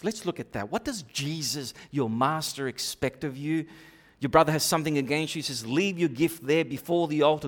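A man preaching a sermon in a church, swinging between loud emphatic bursts and quiet asides. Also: fairly high pitch. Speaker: pastor. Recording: long reverb of a church hall.

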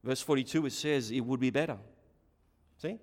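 A man preaching a sermon with passion, surging to loud emphatic bursts and dropping to quiet low asides, often repeating words as he restarts a phrase. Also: moderate pace. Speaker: pastor. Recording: long hall reverb.

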